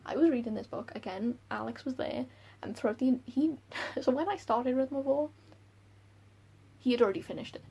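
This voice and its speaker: A woman book vlogger chatting casually and excitably about characters she loves and hates. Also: high voice, slightly rough, highs cut off. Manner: gushing, excitable, quick laughs. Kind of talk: casual chat.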